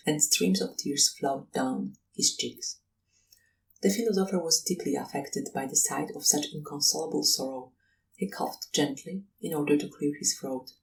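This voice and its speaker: Audiobook narrator, mid pitch, measured telling, distant faint-hiss recording. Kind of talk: scripted narration.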